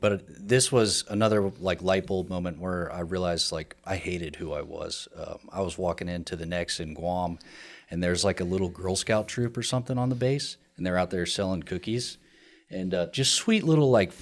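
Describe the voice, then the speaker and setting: Low-voiced male guest, blunt and profane, confessional podcast storyteller. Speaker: guest, veteran and co-founder. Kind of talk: candid podcast conversation.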